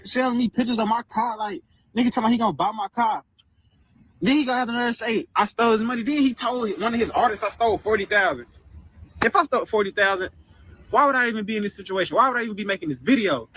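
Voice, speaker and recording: A man's voice: high-pitched, sharp tone, husky. A twenty-year-old man venting in a casual, rambling and aggrieved way about family. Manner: aggrieved, rambling, fast and repetitive. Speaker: guest telling his story.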